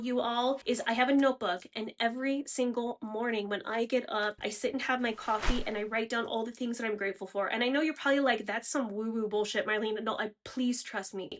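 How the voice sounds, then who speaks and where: A woman's voice: fairly high pitch, a bit bright. A woman in her forties talking frankly and chattily straight to her viewers in a personal vlog. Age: 40s. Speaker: vlogger. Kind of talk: candid personal vlog talk.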